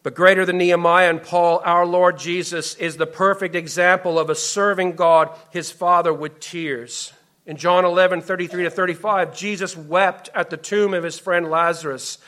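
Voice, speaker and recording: A man preaching a sermon as a pastor, impassioned, swinging from loud emphasis to soft, hushed lines. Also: high voice, fairly even intonation, moderate pace.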